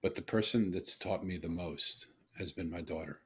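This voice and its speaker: A middle-aged man telling a personal story in conversation, earnest and reflective, pausing and restarting as he goes. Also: sits low, a bit bright, husky. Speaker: host.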